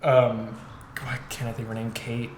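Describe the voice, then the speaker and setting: A man's voice: mid-range voice, level tone, moderate pace. Co-host, young man, loose rambling delivery, swears freely, roomy echo with faint hiss. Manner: rambling, heavy filler words, swears casually. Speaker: podcast co-host. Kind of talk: casual chat. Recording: echoey room with faint noise.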